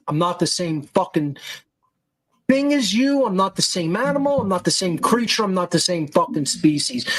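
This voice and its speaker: A man's voice: high-pitched, low-quality recording. A male podcast host giving an angry, aggressive monologue full of profanity and insults.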